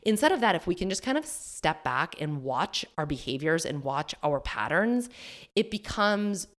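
A woman hosting a solo business podcast, chatty and animated, often acting out her own inner voice with fillers and laughs. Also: lowish voice, moderate pace. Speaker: podcast host and business coach.

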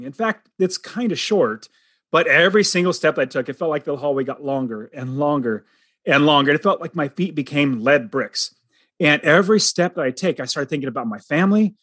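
Middle-aged guy telling his story on a show, earnest, kinda high voice, dry sound. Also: a bit bright, no echo. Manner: earnest, dramatic storyteller who acts out quoted lines. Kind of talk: personal storytelling.

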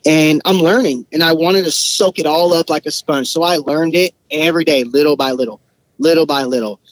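A man's voice: fairly high pitch, a little fast, no echo, poor audio. Slangy man telling shop stories. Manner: slangy, swearing, animated, imitating others. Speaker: podcast guest, shop technician. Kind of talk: casual storytelling.

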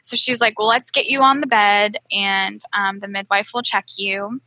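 A woman's voice: mid-range voice, steady tone, normal speed, sharp tone, no room sound, poor audio. A young woman chatting earnestly about a recent birth, with many fillers and restarts. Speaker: guest sharing birth story. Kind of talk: casual chat.

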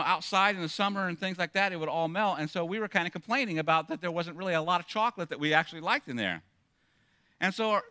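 A man preaching as a pastor, telling stories in an animated, self-mocking way with many restarts. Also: high voice, dry recording. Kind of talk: sermon.

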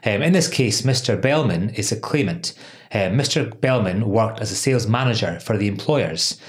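Chatty male podcast host, low voice. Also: lively intonation, moderate pace. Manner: chatty, laughs often, many "um"s. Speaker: podcast host, employment lawyer. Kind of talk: casual legal podcast chat.

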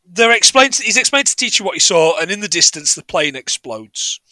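Podcast co-host, male, high bright voice, dry close sound, sardonic and sweary. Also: very animated, a little fast, dry recording. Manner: sardonic, sweary, laughs at his own jokes. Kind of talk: casual film recap chat.

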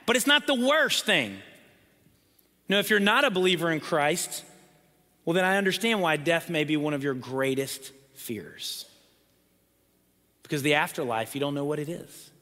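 Pastor, male, bright forceful delivery, slightly high voice, long church reverb. Emphatic sermon style. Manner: emphatic, repeats for emphasis, drops to near whisper.

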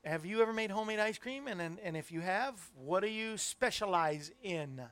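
A man's voice: high voice, expressive, moderate pace, fairly bright tone. A middle-aged man hosting a Christian talk show, chatting casually and rambling as he talks to viewers in the chat. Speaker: host.

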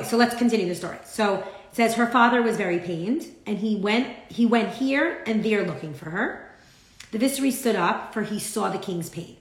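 Chatty woman teaching in a roomy space. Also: medium pitch. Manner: chatty, frequent "like" fillers, acts out quotes. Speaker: Torah teacher. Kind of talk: casual Torah class.

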